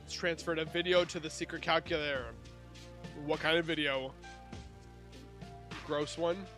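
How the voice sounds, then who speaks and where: A man's voice: fairly high pitch, steady tone, moderate pace, sharp tone, soft background music. A man reading through a case timeline and breaking in with sarcastic, scornful asides in casual commentary. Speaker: true crime YouTuber.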